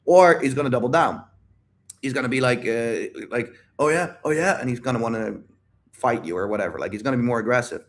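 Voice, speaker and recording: A man coaching viewers on a live Q&A stream. He talks to them directly, hammers his points with repetition and swears freely. His voice sits at an ordinary pitch for a man. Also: brisk. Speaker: dating and life coach. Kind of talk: livestream Q&A talking to chat.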